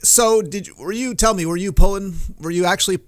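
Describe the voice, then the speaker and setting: A man co-hosting a casual podcast, chatty and quick to laugh, often restarting his sentences. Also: sits high, no room sound. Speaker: podcast co-host. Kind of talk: casual podcast chat about TV.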